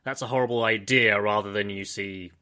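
A man's voice: fairly low pitch, steady tone, a little fast, crowd noise. A man co-hosting a film podcast, dry and teasing, correcting details. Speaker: podcast co-host. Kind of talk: casual film review chat.

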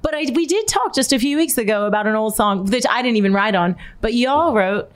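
A woman with a somewhat high voice joins the talk as a guest songwriter. She teases the others easily and keeps her manner light and chatty. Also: animated, fairly quick. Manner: playful and teasing. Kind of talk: casual podcast chat.

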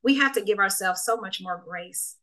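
Bright-voiced woman coach, emphatic. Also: medium pitch, normal speed, poor audio. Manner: emphatic, repeats phrases for effect. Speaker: guest, coach and speaker. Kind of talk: casual conversation.

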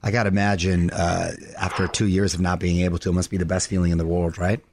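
A man hosting a radio interview, moving briskly between questions and promotional plugs. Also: low-pitched, little pitch movement, a little mellow. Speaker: radio host.

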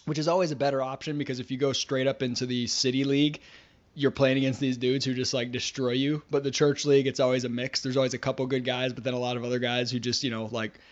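A man's voice: medium pitch, quick pace. A man co-hosting a casual podcast chat, telling stories and slipping into mocking voices. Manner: animated storyteller, puts on mocking voices. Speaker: podcast co-host. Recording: dull lo-fi sound.

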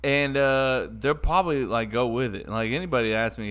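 A man's voice: medium pitch, moderate pace, fairly bright tone. A man co-hosting a podcast in casual chat, laid-back and swearing freely.

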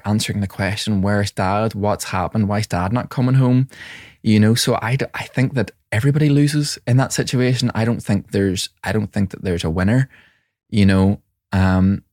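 Low-voiced man telling a reflective story. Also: no room sound, clean studio sound. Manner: reflective, warm anecdotes with many restarts. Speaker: mindfulness teacher and separated father. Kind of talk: conversational interview storytelling.

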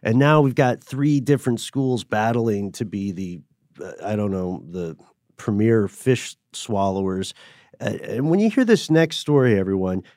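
A man's voice: mid-range voice, darkish tone, dry recording, clean studio sound. A man co-hosting a podcast in casual chat, making wry, joking asides. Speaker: podcast co-host.

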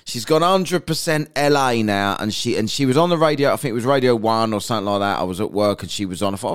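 A man's voice: lowish voice, quick pace, few pauses, clear, resonant tone. A man hosting a podcast, ranting crudely and sarcastically in casual chat. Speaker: podcast host.

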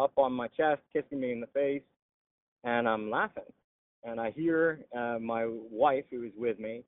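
A veteran telling his story in an interview, halting with frequent "uh" pauses. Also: mid-range voice. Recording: tinny phone-like line.

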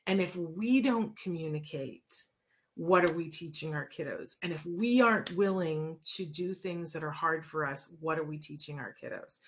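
Speaking at a moderate clip in a deep voice, this female host recounts stories from her own life and answers questions from listeners. Her delivery is casual and expressive, peppered with fillers and false starts.

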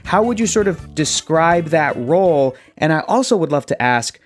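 A man's voice: fairly high pitch, expressive, moderate pace, faint music behind. A man co-hosting an interview, enthusiastic and generous with praise. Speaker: co-host. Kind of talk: casual interview chat.

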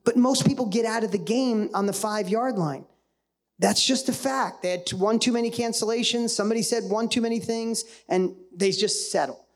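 A man giving a live motivational talk to an audience, energetic and punchy, often firing questions at the crowd. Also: sits high, moderate pace. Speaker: motivational speaker.

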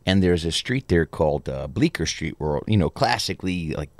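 A man's voice: low voice, animated, normal speed, a little mellow, no echo. A man, a musician guest, telling a casual story in an interview, rambling and filling his sentences with "you know".

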